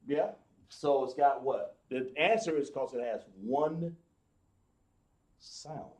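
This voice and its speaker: A man teaching a live class, explaining slowly, with many fillers and restarts. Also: mid-range voice, a little mellow, roomy sound. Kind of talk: live online class lesson.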